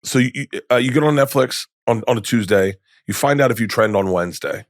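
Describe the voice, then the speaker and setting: A man's voice: medium pitch, a little fast, dry recording, studio quality. Rambling storytelling man in his fifties. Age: 50s. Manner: rambling, animated, acts out quoted dialogue, many restarts. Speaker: comedian guest. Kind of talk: candid storytelling in conversation. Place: podcast studio.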